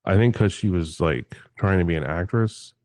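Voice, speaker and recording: Male guest, lower register, profane and animated raconteur; dry close-mic chat. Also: normal speed, dry recording. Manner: animated, profane, acts out quotes. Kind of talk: casual livestream storytelling.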